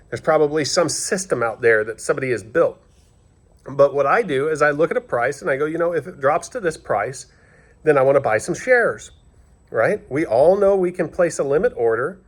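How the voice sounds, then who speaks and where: Folksy, chatty man with a high voice. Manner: folksy and jokey, keeps adding "all right?" and "okay?". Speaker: finance vlogger. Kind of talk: casual chat to camera. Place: outdoors at a barbecue grill.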